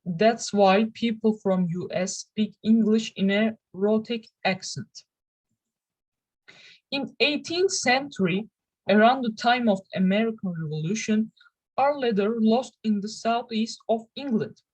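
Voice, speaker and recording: Young woman, Turkish native speaker, student presenter; slow, careful, stop-start delivery. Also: on the high side, darkish tone, rough recording. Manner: careful, halting delivery with restarts. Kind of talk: reading a class presentation.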